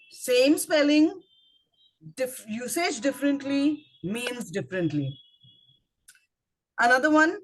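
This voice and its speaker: A woman's voice: sits high, very animated, slow pace, long pauses. A woman with an Indian English accent giving a short language lesson at a speaking club, spelling words out letter by letter and quizzing her listeners. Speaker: grammarian at a speaking club meeting. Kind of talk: instructive club talk.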